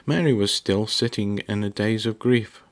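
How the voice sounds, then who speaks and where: A man reading a novel aloud in a steady, measured storytelling manner. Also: lowish voice. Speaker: audiobook reader.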